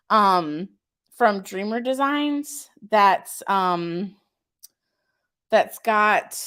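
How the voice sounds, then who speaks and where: With a mid-range voice, a woman who runs a small craft shop hosts an informal live stream. She chats and enthuses about her wares, using lots of filler "ums," and reads viewer comments aloud before answering them.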